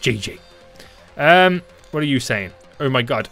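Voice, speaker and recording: A young man narrates his gameplay in a bright, animated voice that swings from mumbled asides to loud, gleeful taunts. His talk is playful and excitable, with faint game music underneath. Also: mid-range voice, moderate pace. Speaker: gaming YouTuber. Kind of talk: let's play commentary.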